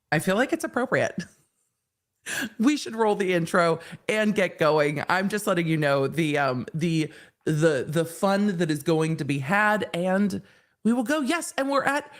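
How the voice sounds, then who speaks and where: A woman hosting a casual livestream, playful and excitable, reading viewer comments aloud into a studio mic. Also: lowish voice. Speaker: legal commentator, host. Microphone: studio microphone.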